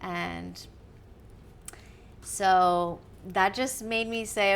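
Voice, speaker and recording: A woman, a podcast guest, telling a story in casual chat, animated and laughing often as she acts out what others said. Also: on the low side, a little slow, a little hiss or hum.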